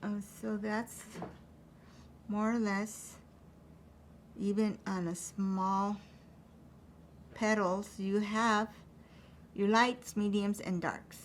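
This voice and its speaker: A woman teaching an acrylic painting demonstration, thinking aloud as she paints in a relaxed way. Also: medium pitch, extremely slow, pauses often, a little hiss or hum.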